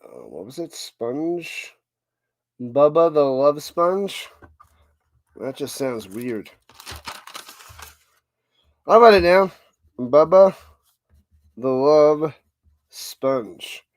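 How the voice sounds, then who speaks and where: A man with a New York accent runs a watch-party stream, calling the plays excitedly and tossing chatty asides to his viewers as he reads their chat. His voice sits on the high side, and he stretches his words out and pauses often.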